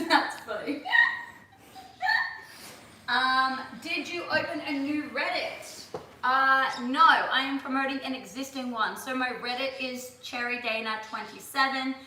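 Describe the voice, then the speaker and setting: A woman's voice: sits high, pushed and bright, distant mic, slight background noise. A young Australian woman in her twenties, chatting casually on a livestream, reading out viewer questions and laughing often. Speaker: livestream host. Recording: echoey room, voice off-mic.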